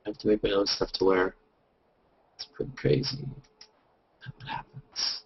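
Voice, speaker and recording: A man's voice: fairly low pitch, moderate pace, gravelly, pauses often, slight background noise. A man hosting a casual group video chat, joking and rambling playfully over a webcam. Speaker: host. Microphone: webcam over video call. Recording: lo-fi video call audio.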